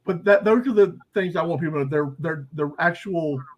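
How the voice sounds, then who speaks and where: A male podcast host with a somewhat raised pitch tells a personal anecdote. He talks casually and with animation, leaning on fillers and restarts as he goes. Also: fairly quick, poor audio. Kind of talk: casual storytelling.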